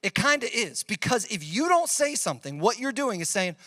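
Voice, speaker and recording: A man's voice: sits high, big pitch swings, brisk, sharp tone, no echo, studio quality. A man preaching a youth sermon in a conversational way, telling stories as examples. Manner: conversational, uses storytelling examples. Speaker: youth pastor.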